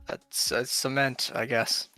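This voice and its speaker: A man's voice: mid-range voice, level tone, slow pace, bright, forceful tone, soft background music. A man co-hosting a game stream, talking in a dry, hesitant way with lots of filler words. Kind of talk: casual stream chat.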